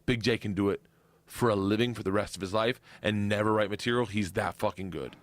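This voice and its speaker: A man who is a stand-up comedian and a guest, talking in an excitable, rambling, profane way in casual chat. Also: fairly low pitch, fairly quick, no echo.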